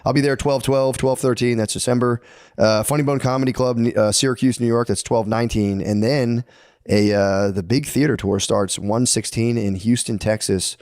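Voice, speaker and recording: A man co-hosts a podcast in casual chat, rambling and swearing and acting out annoyed voices. His voice is medium-pitched and a little mellow, with fairly even intonation, at normal speed. The studio-quality recording has no room sound.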